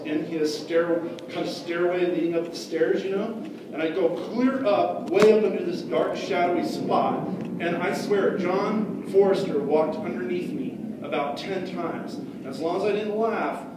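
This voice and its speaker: A man tells a story live to children, chatty and checking in with questions. His voice sits a little high. He sounds far from the mic in a very echoey hall with noise behind. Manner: chatty, asks the audience questions.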